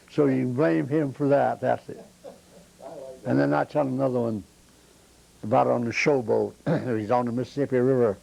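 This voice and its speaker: A man's voice: medium pitch, vocal fry, mellow, poor audio. An older man, a retired circus bandleader telling rambling, plain-spoken anecdotes in an interview. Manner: folksy, plain-spoken, acts out voices in his stories.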